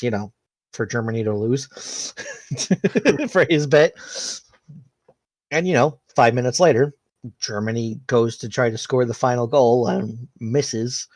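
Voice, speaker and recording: A man's voice: medium pitch, a little mellow, dry recording. Rambling male game master. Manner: loose, rambling narration with restarts. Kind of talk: narrating a tabletop game.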